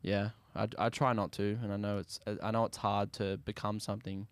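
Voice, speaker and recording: A young Australian man, a musician guest, talking casually in an interview in a laid-back, soft-spoken way that often trails off. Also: lowish voice, level tone, fairly quick, smooth.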